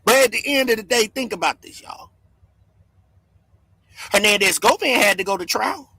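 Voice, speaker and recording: A man hosting a livestream, yelling and cursing in fired-up commentary from home. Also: high-pitched, moderate pace, slightly rough, dry recording. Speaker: livestream host.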